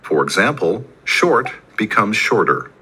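Deep bright-toned male lesson narrator. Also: a little slow, husky. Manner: even, textbook-like delivery without fillers. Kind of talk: scripted grammar explanation.

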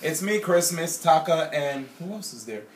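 Young man, lively storyteller among friends, slightly high voice, echoey distant recording with noise. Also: moderate pace, crowd noise. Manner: animated, laughing storyteller. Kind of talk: casual anecdote. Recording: echoey room from far off, noisy.

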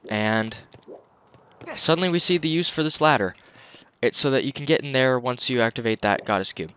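A man's voice: medium pitch, moderate pace, fairly bright tone, clean tone. A young man giving casual, joking commentary as he plays a video game. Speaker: let's play commentator.

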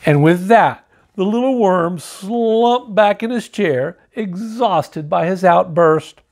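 A man reading a children's picture book aloud to kids, lively and showing the pictures as he goes. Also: high voice. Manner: lively, animated storytelling, pausing to show pictures.

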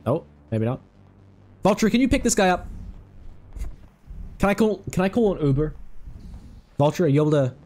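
Excitable man with a lively voice. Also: high voice, normal speed, pauses often. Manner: excitable, swears freely, chats to game creatures. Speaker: let's play host. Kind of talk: casual gaming commentary.

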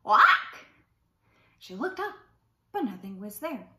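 A woman reading a children's folk tale aloud with lively, expressive narration. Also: fairly high pitch, moderate pace, very noisy. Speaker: storyteller. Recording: roomy echo.

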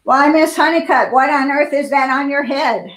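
A woman voicing a bossy, indignant busybody lady who scolds in a shrill, outraged way. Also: moderate pace, a bit bright.

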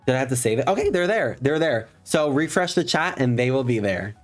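A man's voice: mid-range voice, very animated, a little fast, soft background music. A man in drag on a live stream, chatting casually and campily with his viewers, swearing playfully at them.

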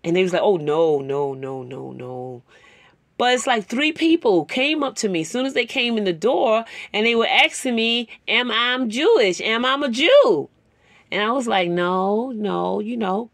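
A Bible teacher shares a personal story in a sermon-style talk, conversational and rambling with fillers, growing emotional to the point of tearing up. Her voice is on the low side with vocal fry, and the recording is dry.

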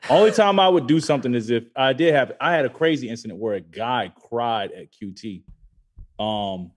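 A man co-hosting a podcast in loose, casual chat. He tells his story with plenty of cursing and acts out each person's lines. His voice sits at an everyday middle pitch. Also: moderate pace. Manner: animated, profane, acts out quoted lines. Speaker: podcast co-host.

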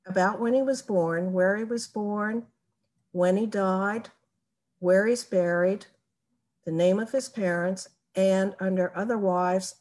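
A woman giving a recorded tutorial on building a family tree, explaining each step slowly and methodically. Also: medium pitch, darkish tone. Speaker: genealogy presenter. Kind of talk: recorded screen-share tutorial.

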